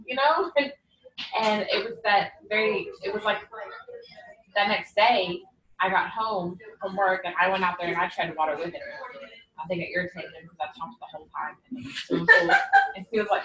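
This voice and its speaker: A woman's voice: mid-range voice, brisk, fairly bright tone. A woman giving a personal testimony at a party, chatty, full of fillers and quoted dialogue. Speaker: team member sharing her story. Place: party room with guests. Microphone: camera set away from the speaker. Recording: echoey room from far off.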